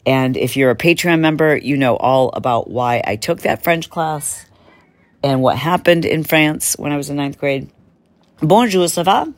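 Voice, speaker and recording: A woman's voice: extremely low pitch, normal speed, no room sound. A middle-aged woman hosting a podcast, chatting casually with an enthusiastic, self-mocking manner. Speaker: podcast host. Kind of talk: casual chat.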